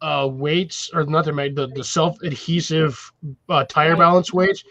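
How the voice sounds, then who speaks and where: A man's voice: fairly high pitch, steady tone, a little slow, pushed and bright, no echo. A man joining a livestream chat by call, joking and teasing in a casual way. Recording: dull lo-fi call audio.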